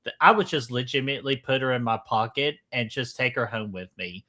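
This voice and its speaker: A man's voice: medium pitch, fairly quick, pushed and bright. A man co-hosting a casual livestream movie chat, rambling enthusiastically and saying "freaking" a lot. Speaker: podcast co-host.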